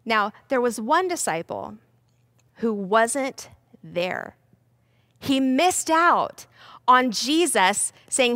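A young woman teaching a children's Bible lesson, playful and animated, talking straight to the kids. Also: on the high side, drawn-out words, pauses often, no echo, clean studio sound.

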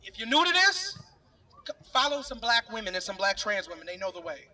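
High bright voice of a rally speaker. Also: male voice, very animated, a little fast. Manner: earnest, talks directly to the crowd with "y'all". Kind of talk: impassioned public speech. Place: outdoor park rally. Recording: voice picked up from a distance.

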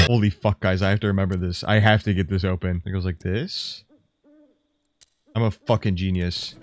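A young man doing game commentary, swearing all the time and swinging from low mutters to sudden loud yells. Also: fairly even intonation, moderate pace. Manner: profane, jumps from mumbling to yelling. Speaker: gaming YouTuber.

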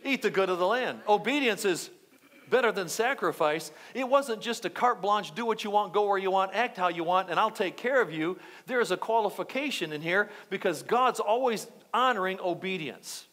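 Male pastor, high voice, lively repetitive church sermon. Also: moderate pace. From United States. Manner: animated, repetitive preaching with asides to the congregation.

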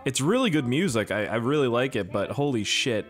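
A young man giving casual, profane gameplay commentary, jokey and quick to get excited. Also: medium pitch, soft background music. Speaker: gaming YouTuber.

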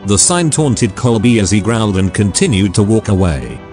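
Low synthetic male narrator. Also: normal speed, soft background music. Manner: flat synthetic delivery. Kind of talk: text-to-speech story narration.

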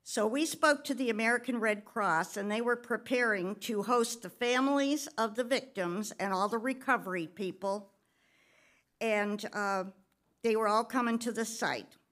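A woman's voice: a little high, moderate pace, fairly bright tone. Woman telling her testimony in church. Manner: conversational storytelling with occasional fillers and light laughs. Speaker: pastor's wife. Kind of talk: personal testimony in a church service. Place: church service.

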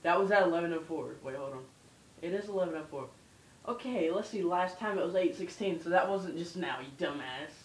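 A groggy young man, loopy from dental anesthesia, rambles and giggles through a slurred story in a casual home video. His voice is high-pitched and brisk, recorded far from the mic in an echoey room with slight background noise.

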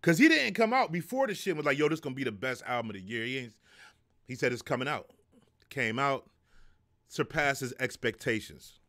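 Animated profane live-stream host, man. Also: mid-range voice, brisk. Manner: loose, profane, joking, reads chat aloud. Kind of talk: casual live-stream talk.

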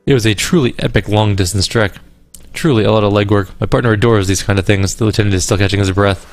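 A male let's play host reads game dialogue aloud at a brisk pace, tossing in dry asides. His voice sits a little low, and faint game music plays in the background. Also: steady tone. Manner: casual and quick, with dry asides.

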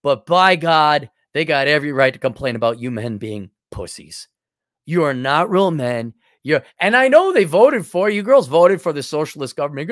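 A man's voice: on the high side, very animated, moderate pace, a bit bright, no echo, clean studio sound. A male host reading a viewer's letter aloud and answering it with blunt, mocking sarcasm.

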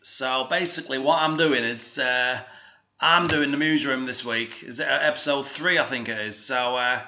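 A man hosting a rambling comedy monologue in a put-on Northern English accent, halting and full of fillers and restarts, with a deadpan, mock-serious delivery. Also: medium pitch, dull audio. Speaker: comic DJ host.

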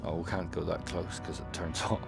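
A man's voice: sits low, flat delivery, brisk, creaky. A man playing a video game, joking and laughing in casual let's-play commentary on a headset mic. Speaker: gamer playing on stream. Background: game music.

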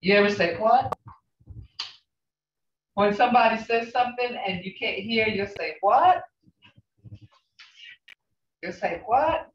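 An older woman teaching a language class, speaking slowly and repeating phrases with emphatic questions. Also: medium pitch. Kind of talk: language lesson. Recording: roomy, distant, dull sound.

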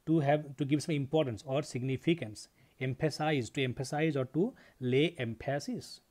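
A man with a slightly mellow voice on the high side teaches his students an English grammar lesson. He explains step by step, repeats key points and checks in with a frequent "okay".

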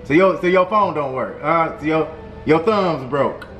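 A man's voice: a little high, measured pace, a bit bright, roomy sound, faint music behind. A man performing a comedic phone call skit, joking and talking in slang.

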